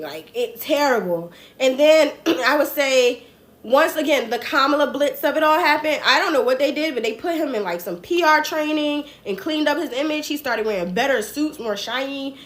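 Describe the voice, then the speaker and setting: A woman with a New Jersey accent hosts a laid-back political commentary livestream. She rambles in a chatty, slangy way and restarts her sentences often. Her voice sits a little high. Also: fairly bright tone. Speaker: host.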